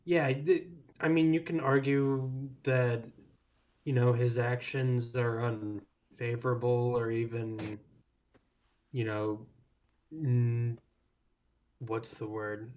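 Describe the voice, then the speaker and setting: A man co-hosting a casual movie podcast, speaking deliberately and stopping to search for the right word. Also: medium pitch, little pitch movement, darkish tone. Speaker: podcast co-host. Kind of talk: casual chat about movies.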